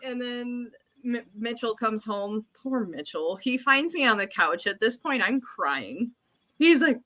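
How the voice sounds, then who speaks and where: A woman co-hosting a casual podcast chat, telling stories in an animated way and acting out her own panic. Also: on the high side, unhurried. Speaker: podcast co-host.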